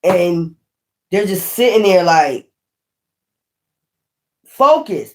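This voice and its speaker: In a mid-range voice at a normal speed, this woman does a laid-back tarot reading. She's frank and foul-mouthed, issuing warnings to the viewer and hammering her points by saying them again.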